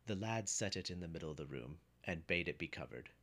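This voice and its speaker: A man narrating an old folk tale in a measured storyteller's delivery. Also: sits low, animated, sharp tone.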